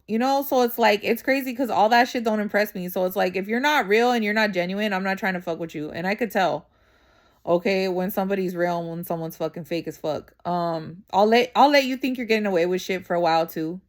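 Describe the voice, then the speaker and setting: Woman vlogger, young adult, blunt and profane, heavy slang, animated rant, middle pitch. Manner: rhetorical asides, repeats "you know what I'm saying". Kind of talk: casual venting monologue to camera.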